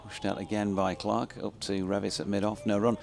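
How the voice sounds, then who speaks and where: A man's voice: fairly low pitch, level tone, vocal fry, darkish tone. A man commentating live on cricket, calling each ball and trading dry quips with his co-commentator. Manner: dry, quick wit in banter.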